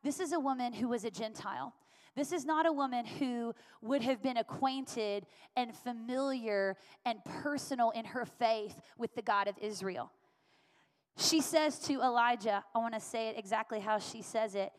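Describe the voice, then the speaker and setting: A woman pastor delivers her sermon earnestly, hammering home her points by repeating them. Her voice sits a little high. The sound carries a long reverb from a church sanctuary. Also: moderate pace. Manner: earnest, repetitive emphatic preaching.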